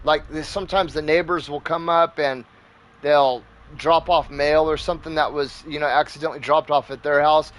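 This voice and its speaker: A man's voice: fairly high pitch, fairly even intonation, moderate pace, a bit bright. A man hosting a gaming channel, telling a story in a rambling, profane, casual way. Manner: rambling and profane, with many fillers.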